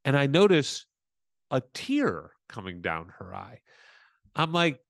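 A man's voice: mid-range voice, takes it slowly, creaky, no echo, studio quality. A man co-hosting a podcast, telling a story in casual chat and acting out the voices he quotes. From Southern California. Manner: animated, acts out quoted voices. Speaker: podcast co-host.

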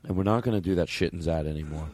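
A man's voice: sits low, rapid-fire, a little mellow, slight background noise. A man hosting a comedy podcast, rambling and profane, often laughing at himself mid-sentence. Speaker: podcast host. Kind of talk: casual comedy podcast banter.

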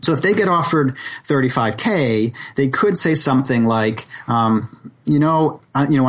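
A male podcast guest and salary negotiation coach who tells stories with lively swings of pitch. He acts out what people said as he goes. His voice sits at an ordinary middle pitch. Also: normal speed. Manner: animated storyteller who acts out quotes. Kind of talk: podcast interview.

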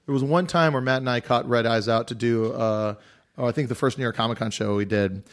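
A man's voice: mid-range voice, fairly quick. Rambling man telling stories on a podcast. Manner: rambling, filler-heavy storytelling. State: hoarse after a day of screaming. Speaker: podcast host. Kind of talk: casual chat.

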